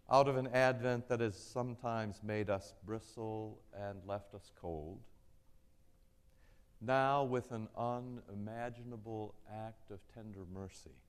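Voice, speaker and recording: A man preaching a sermon in a church, speaking gently and with measure, letting the ends of his phrases fall soft. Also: medium pitch, in a large hall. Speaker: pastor.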